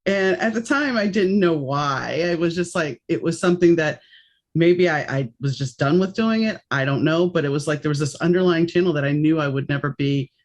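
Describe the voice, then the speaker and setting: A middle-aged woman from New Orleans with a faint, mixed American accent, hosting a casual podcast interview in a chatty, animated way. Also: sits low, fairly quick. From New Orleans, United States. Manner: chatty, animated, jumps between stories. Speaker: podcast host.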